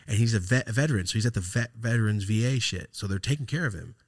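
Low-voiced man telling a story, swearing freely. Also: expressive, quick pace, dry recording, clean studio sound. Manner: profane, rambling, acts out quoted texts. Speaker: podcast host. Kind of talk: casual storytelling.

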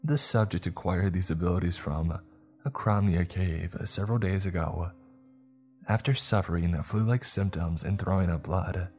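A man's voice: normal speed, darkish tone, faint music behind. A man doing a cold, drawling teenage experimenter. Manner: low, detached drawl.

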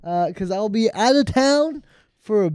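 A man hosting a casual podcast in a fairly high voice, rambling and self-deprecating with frequent laughs at himself. His voice sounds dry and close, with no room echo. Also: expressive, measured pace, darkish tone, smooth. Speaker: podcast host. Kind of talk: casual chat.

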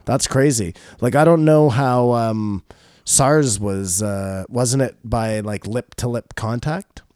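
A man's voice: mid-range voice, slow pace, a little mellow, dry recording, clean studio sound. A man co-hosting a podcast, joking and teasing his friends in casual banter. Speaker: podcast co-host.

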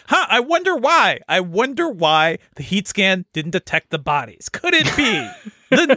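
A man's voice: high voice, pushed and bright, dry recording, studio quality. A man co-hosting a movie podcast, mocking the plot with sarcasm. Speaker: podcast co-host. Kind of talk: casual movie review chat.

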